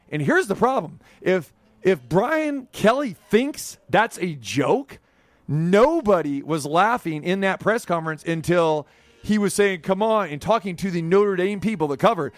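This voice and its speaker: A man's voice: sits high, expressive, moderate pace, no room sound. A man hosting sports talk, arguing his point in an insistent, emphatic way. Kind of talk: sports radio commentary and debate.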